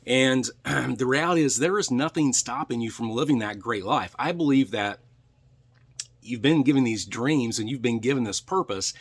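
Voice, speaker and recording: A man speaking straight to his viewers in a motivational vlog, earnest and a bit preachy. He keeps repeating phrases for emphasis and checks in with a quick "right?" as he talks from his truck. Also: mid-range voice, slightly rough. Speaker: real estate coach.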